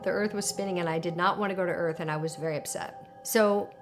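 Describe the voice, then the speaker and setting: A woman's voice: lowish voice, fast talker, over music. Woman telling an emotional story. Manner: animated, emotional storytelling with many fillers. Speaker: interviewee recounting alien contact. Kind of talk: documentary interview storytelling.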